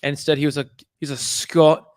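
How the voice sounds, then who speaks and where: A man's voice: on the high side, little pitch movement, moderate pace, a little mellow, no room sound, clean studio sound. A man co-hosting a podcast, chatting casually about a cartoon episode, rambling and correcting himself as he goes. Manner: rambling, self-correcting, puts on voices when quoting. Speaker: podcast co-host. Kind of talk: casual review chat.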